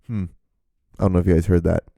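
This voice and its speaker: A man's voice: sits low, flat delivery, fast, vocal fry, dark tone, no room sound, studio quality. A man hosting a casual solo podcast, rambling, swearing and poking fun at himself. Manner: rambling, profane, self-mocking. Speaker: podcast host. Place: indoors, rain outside. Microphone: microphone, host wearing earphones.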